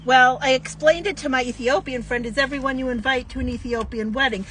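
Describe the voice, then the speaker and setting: A woman's voice: high voice, a little fast, a bit bright, a little hiss or hum, rough recording. A woman who joins a casual live chat in a parked car, chatty and full of eager questions. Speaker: temple member joining a live chat. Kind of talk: casual conversation.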